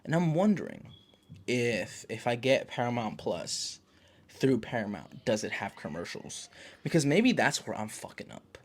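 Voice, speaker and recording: A man's voice: medium pitch, sing-song, unhurried. A man hosting his own channel, giving a casual, rambling, profanity-laced recap of a TV episode. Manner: rambling, profane, self-correcting. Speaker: show host.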